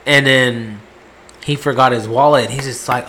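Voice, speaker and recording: A man's voice: mid-range voice, steady tone, a little slow, bright, forceful tone. Man, podcast co-host, rambling story, acts out quotes, swearing, faint noise. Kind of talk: casual chat.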